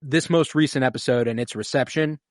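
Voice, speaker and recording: A medium-pitched man talks briskly, recorded in studio quality without echo. Co-hosting a podcast, he chats casually through a TV episode recap, animated and profane, acting out scenes emotionally.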